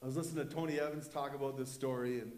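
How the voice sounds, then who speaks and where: A man's voice: mid-range voice, fairly even intonation, racing, darkish tone, reverberant. A male pastor preaching a sermon in an impassioned, emphatic way. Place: church.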